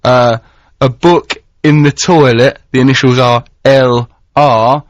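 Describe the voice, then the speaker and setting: A man's voice: medium pitch, steady tone, slow, no room sound. A man hosting a radio show in a studio, talking in a playful, wordy, teasing way. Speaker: radio host. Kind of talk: comic radio banter. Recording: dry, dull lo-fi radio recording.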